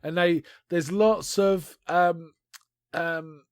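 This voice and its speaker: A man on a podcast, casually retelling a film in a rambling, animated way with restarts. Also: fairly high pitch, very slow, clear, resonant tone, no room sound. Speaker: podcast co-host. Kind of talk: casual chat reviewing a film.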